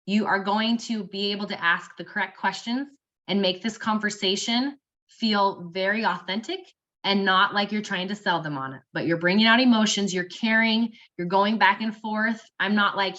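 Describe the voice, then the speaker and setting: A woman's voice: mid-range voice, normal speed, bright, forceful tone, lo-fi sound. A young woman giving casual, encouraging coaching tips and acting out sample messages in an upbeat voice. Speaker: network marketing team member.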